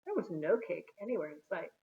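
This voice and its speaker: A woman reading a children's chapter book aloud in an expressive, storytelling manner. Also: on the low side, a little fast. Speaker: storybook reader. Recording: phone-like narrow sound.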